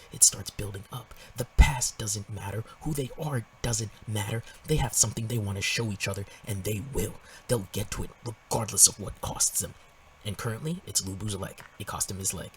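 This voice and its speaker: A man with a low voice gives a slangy, profane breakdown of a comic. He gets animated and then drops into whispers at the big moments. He sits back from the mic, and faint noise hangs under his voice. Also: far from the mic, poor audio. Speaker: manga commentator. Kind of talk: casual in-depth comic analysis.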